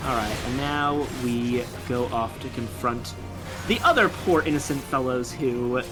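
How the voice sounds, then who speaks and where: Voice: medium pitch, a little slow, over music. A game streamer chatting casually and explaining things while playing, with chatty asides. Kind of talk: casual let's-play commentary.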